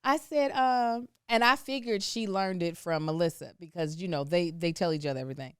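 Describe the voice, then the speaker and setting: A woman hosting a casual chat, telling a story in a lively, expressive way. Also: fairly low pitch, brisk, clean tone, no echo, studio quality. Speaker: host.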